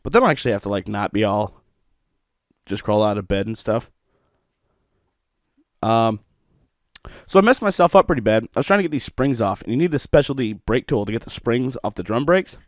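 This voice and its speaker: A young man talks into a close mic at home, swinging his pitch up and down as he tells a rough, profane story and breaks into laughter. The sound is dry and close, with no room echo. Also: sing-song, fairly quick, long pauses. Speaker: podcast host. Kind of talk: solo podcast monologue.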